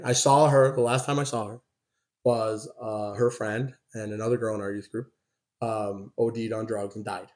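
A man preaching a sermon. He reads scripture with emphasis, then tells a personal story in a loose, conversational way. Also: fairly low pitch. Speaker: pastor.

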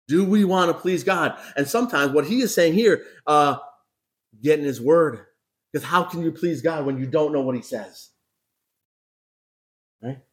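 A man's voice: on the high side, a little slow, pauses often. A man preaching a sermon as a pastor, talking conversationally, asking rhetorical questions and repeating words for emphasis. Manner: emphatic repetition.

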